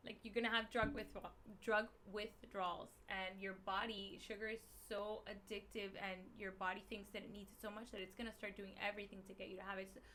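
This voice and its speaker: A woman with a Miami Spanish-English accent, a guest explaining diet in a casual podcast chat, animated and emphatic with slang. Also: mid-range voice, brisk, hardly any pauses, slight background noise. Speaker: guest, keto meal business owner.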